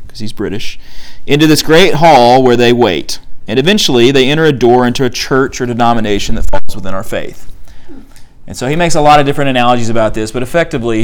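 A young man leading a book discussion in a loose, conversational way, with many fillers, who reads quotes aloud. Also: medium pitch. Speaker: study group leader. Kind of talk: casual teaching talk.

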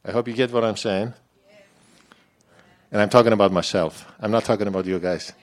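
A man's voice: fairly low pitch, steady tone, fairly quick. A man preaching a sermon in a church, in a conversational, personal way that turns the message back on himself.

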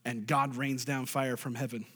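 A man preaching a sermon as a pastor, animated, with sudden loud, high bursts. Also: normal speed, husky, big-room sound. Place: church sanctuary.

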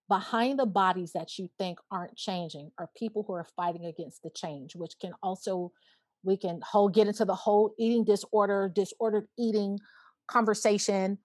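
A woman's voice: medium pitch, darkish tone, dry recording. Earnest woman in her thirties, dry close sound. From Alabama, USA. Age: 30s. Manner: earnest, reflective, speaks in bursts with frequent "you know". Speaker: podcast guest. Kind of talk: casual conversation.

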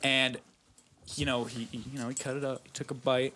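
A man's voice: mid-range voice, little pitch movement, a little fast, bright, forceful tone, a little hiss or hum. A man casually retelling a story to friends, full of swearing and filler words. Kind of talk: casual group chat.

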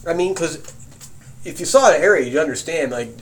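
A man casually telling a profane campfire story, animated and often laughing as he recounts it. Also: on the high side, a little fast.

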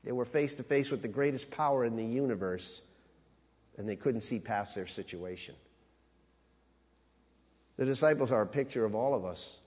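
A man preaching a sermon with emphasis, rising to loud high peaks and dropping to quiet low asides. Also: moderate pace, pauses often. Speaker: pastor. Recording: long reverb of a large hall.

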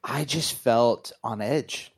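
A man with a medium-pitched voice speaks earnestly and reflectively as an interview guest. He is a pastor and author, and he talks thoughtfully in spiritual terms. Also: slow pace, gravelly, slightly rough. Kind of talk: reflective conversation.

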